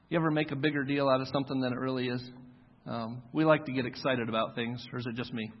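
Husky-voiced pastor in an echoey hall. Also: male voice, mid-range voice, steady tone, brisk. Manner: conversational storytelling, acts out quoted voices. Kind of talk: sermon. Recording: echoey hall, dull lo-fi sound.

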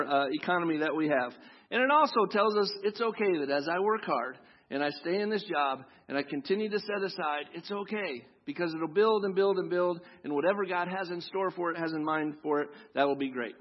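Husky high-voiced man preaching a sermon. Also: dull audio. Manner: conversational, asks the congregation with tag questions; reads scripture slowly and deliberately. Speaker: pastor. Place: church sanctuary.

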